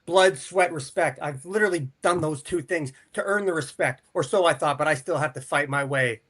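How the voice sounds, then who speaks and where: A man's voice: fairly high pitch, normal speed, fairly bright tone. A man calling in remotely as a wrestler, cutting an aggressive, boastful trash-talk promo. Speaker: wrestler guest. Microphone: remote call.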